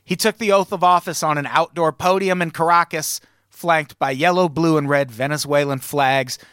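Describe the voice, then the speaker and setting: A man's voice: fairly high pitch, steady tone, moderate pace, a bit bright, clear, resonant tone, no echo. A man co-hosting a comedy podcast, reading news items aloud and riffing on them with dry sarcasm. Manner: sarcastic, reads news items then riffs. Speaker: podcast co-host.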